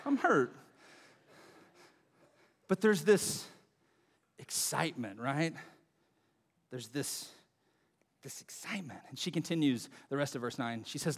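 A man with a high voice preaches in a relaxed, chatty way, acting out the lines he quotes. His voice carries a long reverb from a large church hall. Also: normal speed, pauses often. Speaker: pastor. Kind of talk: sermon.

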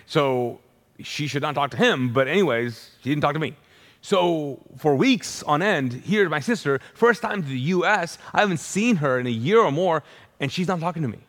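A male preacher telling a personal conversion story in a conversational, animated sermon style, with frequent restarts. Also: on the high side, in a large hall.

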